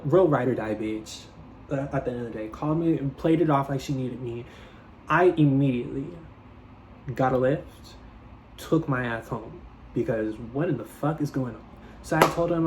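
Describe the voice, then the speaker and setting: A man's voice: a little hiss or hum, poor audio. A young man telling a story on his vlog, chatty and dramatic, leaning on "like" and swearing freely. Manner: dramatic, switches into playful higher voices when quoting people. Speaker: vlogger.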